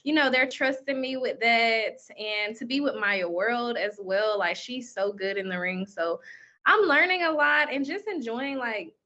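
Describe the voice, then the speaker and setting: A woman's voice: a little high, a little slow, sharp tone, dull audio. A young woman answering interview questions in a chatty way, full of "like" and "um". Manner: chatty, lots of "like" and "um", laughs easily. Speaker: guest, pro wrestler.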